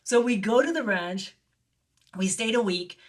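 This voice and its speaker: A woman filmmaker telling an anecdote in an interview, animated and acting out the voices of the people she quotes. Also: unhurried. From lived in Barcelona. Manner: animated, acts out quoted voices with big pitch jumps. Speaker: guest filmmaker. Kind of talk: storytelling in an interview.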